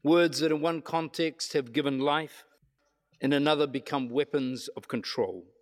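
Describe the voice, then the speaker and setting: A man preaching a reflective sermon, measured, slowing down for emphasis. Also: on the high side. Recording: long hall reverb.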